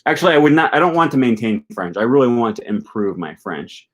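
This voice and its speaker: A man's voice: medium pitch, very animated, quick pace. A young man from Wisconsin with a Midwest American accent, chatting casually on a live stream and reading out viewer questions, rambling with many ums and restarts. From Wisconsin, USA. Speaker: language-learning channel host.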